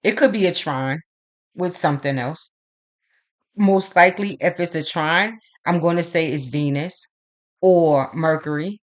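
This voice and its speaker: This tarot and astrology reader's voice is low-pitched and a little slow as she talks casually on her own. Her stories ramble, swear freely and come alive as she emphatically plays both parts of old arguments.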